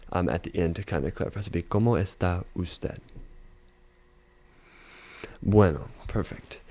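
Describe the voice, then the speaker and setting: A man teaching a casual video lesson, explaining step by step with frequent fillers and slowly repeating example phrases. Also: sits low, darkish tone. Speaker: language teacher.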